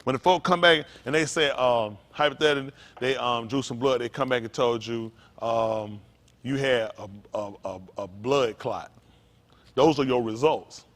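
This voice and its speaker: A man preaching an interactive sermon, calling out to his congregation in with a lively, animated manner. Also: medium pitch, moderate pace. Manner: animated, calls out to the congregation, folksy vernacular. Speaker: pastor.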